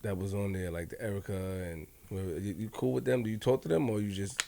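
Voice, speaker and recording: Male podcast co-host, teasing questioner, quick lively delivery, gravelly edge. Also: lowish voice. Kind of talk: casual podcast interview.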